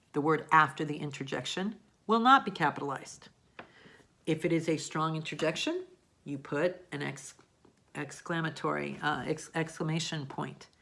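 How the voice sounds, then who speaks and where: A woman's voice: low-pitched, vocal fry. A woman teaching a grammar lesson, explaining patiently step by step and checking in often. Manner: acts out example sentences with lively emphasis.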